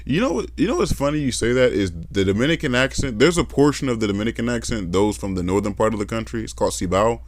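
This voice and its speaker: A young adult man hosting a podcast, chatting casually and telling animated stories with accent imitations. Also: mid-range voice, fast talker, few pauses, dry recording. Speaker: podcast host. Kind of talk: casual conversation.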